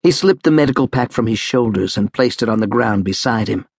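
A man narrating an audiobook in a measured, even storytelling manner. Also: fairly low pitch, creaky, slightly rough, no room sound, studio quality. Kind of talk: scripted narration.

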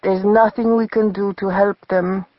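A kind, practical young German woman, calm and gentle, as a woman narrator puts her on. The read is dry and slightly dull. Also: mid-range voice, a little slow, dry recording, voice pushed up, close to an everyday voice.

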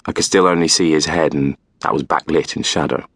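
A man narrating a novel in the first person, calm and measured. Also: rumbling low, breathy edge, no echo, studio quality. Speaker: audiobook narrator.

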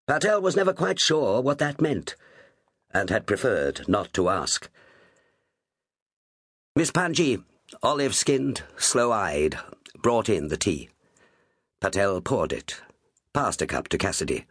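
A man reading an audiobook novel in a measured, expressive narrating style. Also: deep voice, slightly rough, dry recording, studio quality. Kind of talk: scripted narration.

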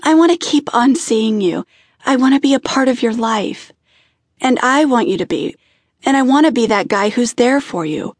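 A woman narrator voicing Chance, a steady and reassuring male firefighter. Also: fairly high pitch, normal speed, no room sound.

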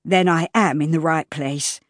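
A woman voicing a courteous, slightly flustered young gentleman in an audiobook. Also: deep voice, steady tone, a little slow, dry recording, studio quality. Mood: polite. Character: polite awkward young gentleman. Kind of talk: audiobook character voice.

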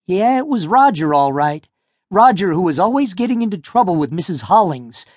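A man reads a novel aloud in scripted narration, his voice moving lively up and down as he tells the story. The sound is dry and close, like a studio booth. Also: high voice, dry recording. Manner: expressive storytelling. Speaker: audiobook narrator. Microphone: close studio mic.

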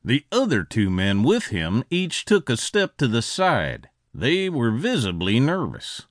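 Expressive male audiobook narrator. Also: medium pitch, measured pace, no echo, studio quality. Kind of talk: scripted western audiobook narration.

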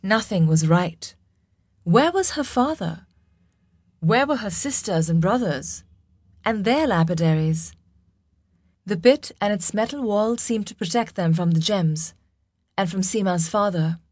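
A woman narrating a fantasy audiobook in a measured, dramatic storytelling manner. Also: medium pitch, animated, darkish tone, dry recording, studio quality.

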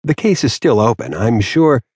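A man's voice: mid-range voice, lively intonation, normal speed, darkish tone, husky, dry recording, studio quality. A man voicing an irritated, no-nonsense female police detective. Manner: clipped, impatient. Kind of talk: audiobook character voice.

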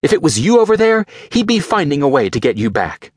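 A man reading an audiobook, voicing an angry, determined young woman executive in a sharp, bitter tone. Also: a little high, big pitch swings, fairly quick, husky, dry recording, clean studio sound, pitched above the performer's own voice.

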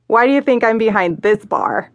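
A woman's voice: on the high side, very animated, moderate pace, vocal fry, dry recording, dull audio, pitched above the performer's own voice. A woman voicing a friendly male hotel bartender who teases and consoles, in an audiobook memoir. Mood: teasing. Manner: sassy, affectionate, calls her honey.

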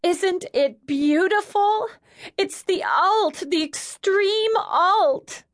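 A woman voicing a bubbly, tearful pregnant young woman in an audiobook, gushing with high-pitched excitement. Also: drawn-out words, no room sound, clean studio sound, heavily acted.

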